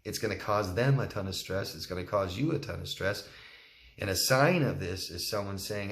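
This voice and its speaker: Low-voiced man coaching in an echoey room. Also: fairly quick. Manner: candid, plain-spoken, acts out quotes. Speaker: relationship coach. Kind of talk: solo Q&A talk to camera.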